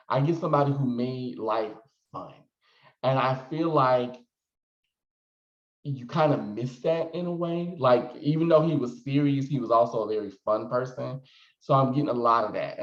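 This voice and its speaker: A man giving a casual, rambling psychic reading, full of fillers and restarts. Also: medium pitch. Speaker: psychic reader. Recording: roomy echo, dull lo-fi sound.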